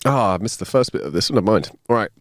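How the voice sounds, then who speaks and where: A man's voice: fairly low pitch, animated, quick pace, no room sound, studio quality. A man co-hosting a casual podcast, telling jokes, laughing often and poking fun at himself. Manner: laughs a lot, self-deprecating. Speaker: podcast co-host.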